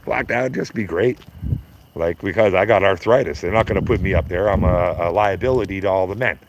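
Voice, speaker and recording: A man's voice: low-pitched, brisk, a little hiss or hum. A Canadian man in his fifties ranting on a live stream, blunt and profane, mocking his critics and laughing at his own jokes. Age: 50s. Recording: slightly dull lo-fi stream audio.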